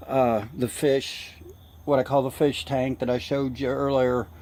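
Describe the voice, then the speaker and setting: Breathless guy rambling slow in his yard, lots of uhs, bugs chirping. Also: mid-range voice, level tone, a little mellow. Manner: halting, many fillers. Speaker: hobby gardener vlogger. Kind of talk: casual walk-around vlog. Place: outdoor yard.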